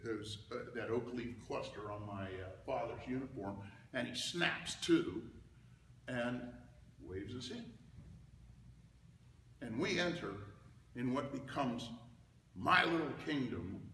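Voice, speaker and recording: An older man speaks with a bright, gravelly voice, spinning an animated story for an audience. He is recorded from some distance in a large, echoing hall, with a long reverb tail and a faint hum of room noise underneath. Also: mid-range voice. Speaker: speaker giving a talk. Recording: roomy hall, mic at a distance.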